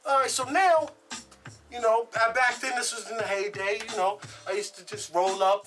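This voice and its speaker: A woman casually telling a true story in an animated, profane way, laughing as she goes. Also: fairly high pitch, moderate pace, music in the background.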